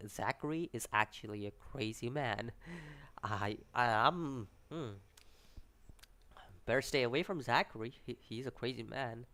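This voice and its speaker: Speaking in a mid-range voice, a man with a non-native English accent gives a casual, rambling and animated review of an anime episode. Names trip him up, and he often restarts his sentences.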